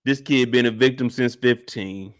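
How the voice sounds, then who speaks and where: A man's voice: medium pitch, moderate pace. A man hosting a live after-show, recapping an episode in casual, slangy, emphatic talk. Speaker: show host.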